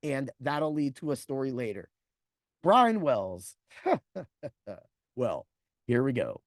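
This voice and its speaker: A man's voice: medium pitch, sing-song, slow pace, no room sound, clean studio sound. A man in his forties hosting a podcast, telling a personal story in a blunt, profane way and acting out other people's lines. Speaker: podcast host.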